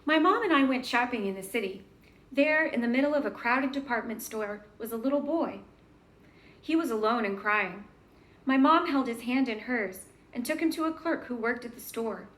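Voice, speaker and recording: High-voiced woman reading a children's book. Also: animated, moderate pace. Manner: gentle storybook reading with questions to the listener.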